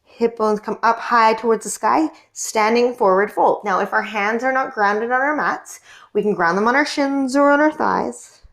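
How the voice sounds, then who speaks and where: A young woman teaching a guided yoga class, giving gentle cues and asking encouraging check-in questions as she leads through poses. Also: on the high side, normal speed. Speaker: yoga instructor.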